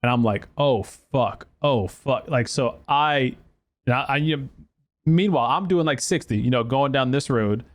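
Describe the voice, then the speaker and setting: Male podcast host, swears freely, rambling animated storytelling. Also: mid-range voice, moderate pace. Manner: profane, animated storytelling with acted quotes; lots of fillers and restarts. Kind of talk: casual storytelling.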